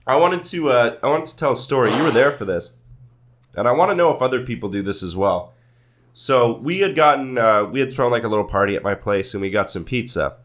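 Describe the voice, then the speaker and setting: A young man co-hosting a casual podcast, with a lively voice that swings up and down a lot. He rambles through his stories and jokes along the way. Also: medium pitch, brisk. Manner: rambling, jokey, laughs loudly. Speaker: podcast co-host. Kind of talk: casual chat.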